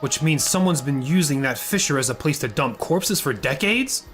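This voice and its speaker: A man's voice: fairly high pitch, animated, moderate pace, fairly bright tone. A man voicing a composed, courteous married woman investigator, reading game dialogue aloud over game music. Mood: calm. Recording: game music playing behind.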